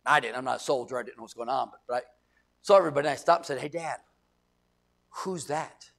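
A man's voice: medium pitch, racing, creaky, a bit bright. A middle-aged man from the United States preaching a sermon as pastor, emphatic, repeating phrases and acting out quoted voices.

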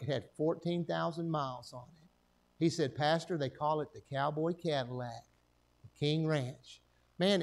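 An older man, a pastor preaching a folksy sermon and telling stories with jokes and asides. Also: fairly high pitch. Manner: folksy, joking storyteller with frequent asides.

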